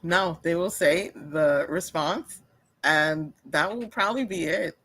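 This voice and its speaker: A man's voice: on the high side, a little slow, sharp tone, breathy edge, dry recording, low-quality recording. A man co-hosting a podcast, chatting playfully and laughing often. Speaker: podcast co-host. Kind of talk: casual chat.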